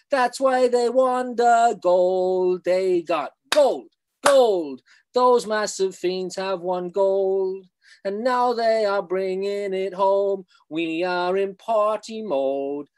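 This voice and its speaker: A man's voice: high voice, pitched above the performer's own voice. A man performing a poem as a boisterous Cork man cheering two rowing champions, in a strong Cork accent, rowdy and sing-song.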